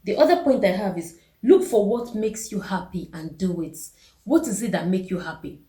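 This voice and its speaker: A young woman talks straight to her viewers about self-care, leaning on repeated words and pointed questions. Her voice is mellow and soft at the top, and the room around her echoes. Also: mid-range voice, lively intonation, moderate pace. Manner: earnest, repeats key words for emphasis, asks the listener direct questions. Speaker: vlogger. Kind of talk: motivational self-care talk to camera.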